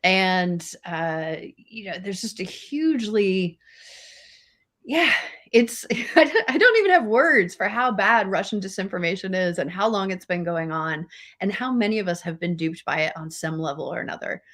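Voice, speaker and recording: A woman co-hosting a podcast in a loose, conversational discussion. She talks earnestly and with emphasis, repeating words for stress and filling pauses with small hesitations. Her voice sits at an ordinary middle pitch. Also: expressive, fairly bright tone. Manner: earnest, emphatic, many fillers. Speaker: podcast co-host. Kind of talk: casual discussion.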